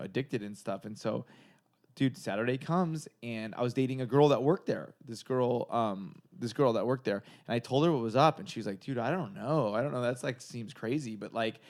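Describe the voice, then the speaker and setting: A comedian guest from the San Gabriel Valley in Southern California tells a long story in casual chat, rambling, swearing and using lots of filler words. His voice is medium-pitched and a little mellow.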